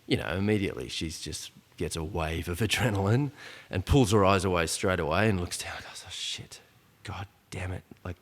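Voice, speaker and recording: A man telling a tense story in casual podcast chat, animated and full of asides. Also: deep voice. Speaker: podcast guest. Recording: long reverb, echoey room.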